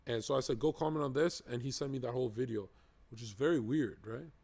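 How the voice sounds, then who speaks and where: Male streamer: crude, excitable, joking reaction commentary in a dry, close recording. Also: mid-range voice, fast, no room sound. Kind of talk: casual profane live-stream commentary.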